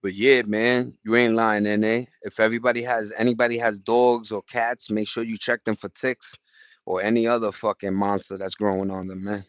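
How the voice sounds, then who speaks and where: In a fairly low, level voice at normal speed, a man hangs out with his live-stream audience outdoors, drifting between topics with lots of slang, swearing, and restarts. The recording has no room sound, and its highs are cut off.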